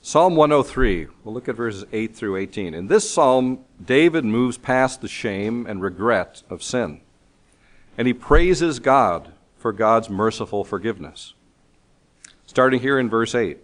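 Lively, emphatic male preacher. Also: medium pitch, a little slow. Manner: earnest, emphatic, reads scripture aloud. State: recovering from lost voice. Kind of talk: sermon.

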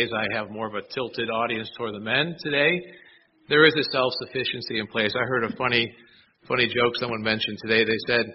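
A man's voice: mid-range voice, dull audio, slight background noise. Man preaching with rhetorical questions. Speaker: pastor. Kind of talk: sermon.

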